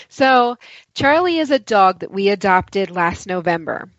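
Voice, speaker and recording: A woman guest telling a personal story in casual conversation. She talks in an animated way and acts out the dialogue she quotes. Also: medium pitch, slow pace, no echo. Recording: dry, dull lo-fi sound.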